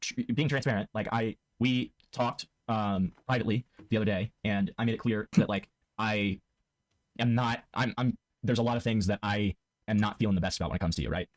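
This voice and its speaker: A man asking pointed questions in a casual call, hedging and halting with many likes and restarts. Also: on the low side, no echo.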